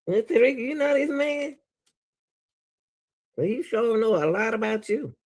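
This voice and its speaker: A man with a Southern US accent talks straight to his viewers as he reacts to a clip. His voice is gravelly, and his pitch swings widely as he exclaims and laughs in disbelief. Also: lively intonation, a little slow, a little mellow. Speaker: reaction video host. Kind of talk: casual reaction commentary.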